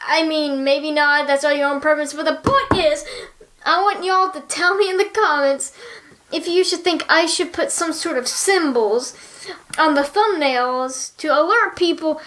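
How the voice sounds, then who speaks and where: High-voiced bubbly young woman vlogging. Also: moderate pace, a bit bright. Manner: bubbly, chatty, earnest. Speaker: YouTuber. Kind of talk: casual chat to viewers.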